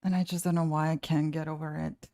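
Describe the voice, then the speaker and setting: Low-voiced woman venting on a stream. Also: little pitch movement, fast talker, warm tone. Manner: rambling and exasperated, many restarts. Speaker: live streamer and painter. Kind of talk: casual live-stream chat.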